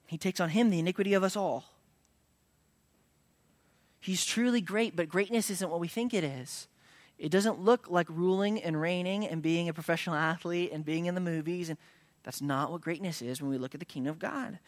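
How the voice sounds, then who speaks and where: A man preaching a sermon, moving between casual asides and loud, emphatic declarations, at times dropping to a hush. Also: sits high, normal speed, no echo. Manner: conversational preaching that swings from hushed to loud and emphatic. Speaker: pastor.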